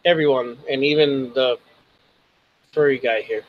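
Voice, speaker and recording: A man doing a calm, loyal giant ladybug. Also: medium pitch, unhurried, phone-quality sound, natural voice. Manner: buzzing noises, then plain steady talk.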